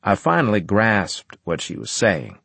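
Low, lively male audiobook narrator. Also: a little slow, gravelly, slightly rough, no room sound. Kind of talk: first-person scripted narration.

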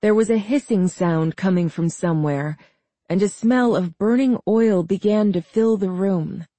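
An audiobook narrator reading a scripted story in a steady, measured way. The pace is slow and unhurried. The sound is dry and close to the mic. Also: medium pitch, no echo.

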